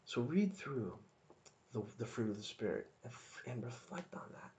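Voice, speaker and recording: In a mid-range voice at normal speed, a man delivers a conversational devotional talk for a podcast. He is earnest but frequently breaks off and restarts sentences.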